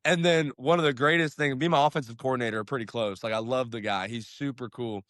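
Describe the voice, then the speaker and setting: A young man, a high school football coach, talks in a casual interview, upbeat and rambling, with lots of fillers and restarts. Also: steady tone, fast, fairly bright tone, no room sound, clean studio sound.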